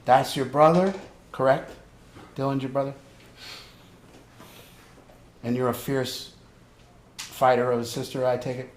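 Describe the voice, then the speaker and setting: Man, addiction counselor, frank group talk, mid-pitched, echoey room. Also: fairly even intonation, a little slow, pauses often, slight background noise. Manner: frank, conversational, asks pointed questions.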